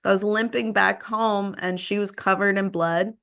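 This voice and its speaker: Lady podcast host, chatty, acts out the back and forth, mid pitch voice. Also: normal speed, vocal fry. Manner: animated, acts out quoted exchanges with rising pitch. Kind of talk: casual conversational storytelling.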